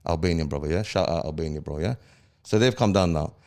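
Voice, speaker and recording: A man's voice: deep voice, fast talker, a little mellow. A man, a podcast guest heatedly retelling events in street slang and checking in with "yeah?" after each point. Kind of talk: casual storytelling interview.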